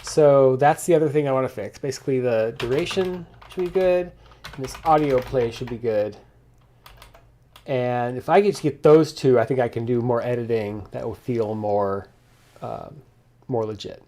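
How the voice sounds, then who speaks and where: In a casual coding log, a man thinks aloud while walking through his software bugs, with plenty of restarts and asides. He speaks at medium pitch and normal speed, sounds slightly out of breath, and keyboard typing can be heard behind him.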